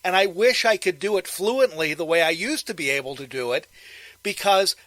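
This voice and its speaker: A man's voice: sits high, expressive, normal speed, sharp tone, no echo, poor audio. A man in his fifties from the Pittsburgh area with a mild Pittsburgh accent, hosting a casual interview and telling stories in an easygoing way. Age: 50s. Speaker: host.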